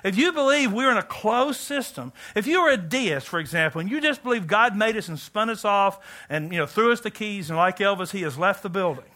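A middle-aged man preaching with a high, bright, ringing voice. He is animated and jokey, jumping from loud outbursts to near-whispers. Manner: animated, joking, swings between loud and hushed. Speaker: pastor. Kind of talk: sermon.

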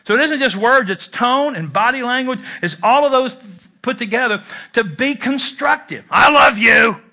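A man's voice: very high-pitched, expressive, moderate pace, bright, forceful tone. A middle-aged man preaching a sermon in a conversational way, with self-deprecating humor. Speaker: pastor.

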